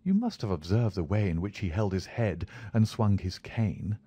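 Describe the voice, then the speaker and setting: A man reading a classic novel aloud in steady, plain narration on a close mic. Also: fairly low pitch, moderate pace, breathy edge, dry recording, lo-fi sound. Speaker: audiobook reader.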